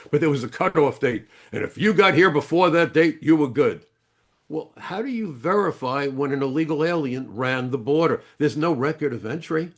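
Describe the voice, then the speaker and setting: An older man, a retired immigration agent, speaking as an interview guest with blunt, emphatic storytelling. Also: on the high side.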